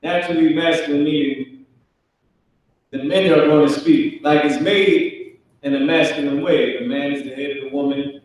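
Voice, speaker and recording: Guy teaching a chill class, kinda high voice, super echoey room, far from the mic. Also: fairly even intonation, normal speed. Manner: casual, conversational, acts out family scenarios in character voices. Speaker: Hebrew language teacher. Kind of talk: casual live online class.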